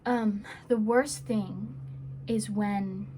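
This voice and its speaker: A woman's voice: mid-range voice, steady tone, extremely slow, dark tone, slight background noise. A woman giving earnest, rambling self-help advice to camera in a casual vlog, with playful asides.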